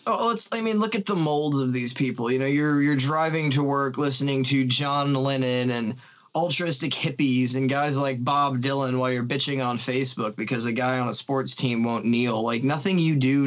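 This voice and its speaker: A man talking casually about films in a sarcastic, profane, animated way. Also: mid-range voice, low-quality recording. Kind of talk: casual film discussion.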